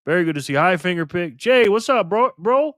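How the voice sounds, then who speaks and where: A man's voice: high-pitched, animated, fairly quick, no echo, clean studio sound. Upbeat man greeting his livestream viewers. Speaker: livestream host.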